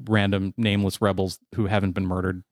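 A man's voice: deep voice, flat delivery, brisk, dry recording, clean studio sound. A man retelling a story in casual chat, rambling with chuckles and profane asides.

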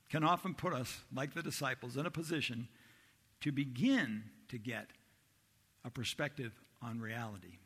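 A male pastor delivers a sermon with bright, pressing energy and a slightly husky edge. He tells the story with lively acted-out voices. His voice rings through the long reverb of a large hall. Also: fairly high pitch. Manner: animated storytelling, acts out disciples' voices.

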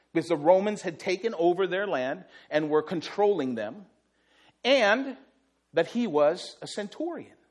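High-voiced pastor guy preaching, animated storyteller acting out the quotes. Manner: vivid storyteller who acts out quotes. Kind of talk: sermon.

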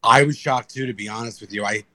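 A man tells stories in casual chat, animated and quick to swear. His voice is bright and forceful, with a middle pitch. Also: a little hiss or hum. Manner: animated storyteller, swears freely.

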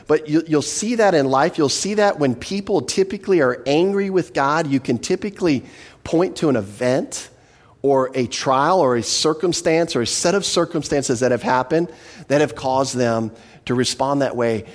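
A man preaching an expository sermon, animated, acting out quoted lines with emphatic voices. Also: fairly high pitch, moderate pace. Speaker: pastor. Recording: reverberant hall.

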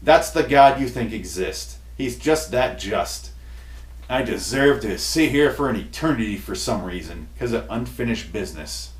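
A man hosting a comedy podcast, ranting in an exasperated, profane way, with his voice going hoarse. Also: mid-range voice, animated, moderate pace. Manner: exasperated, profane, building to shouty outbursts. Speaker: podcast host. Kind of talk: comedic rant. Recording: roomy echo, distant mic.

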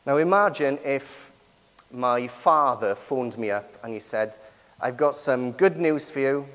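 A man preaching a sermon with lively emphasis, many rhetorical and tag questions to the congregation. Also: mid-range voice, a little slow. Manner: lively, rising and falling emphasis. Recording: long hall reverb.

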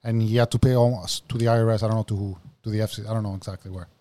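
A man's voice: fairly low pitch, fairly even intonation, very fast, dark tone. A man co-hosting a podcast, chatting casually and explaining things at length, often saying "bro". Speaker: podcast co-host.

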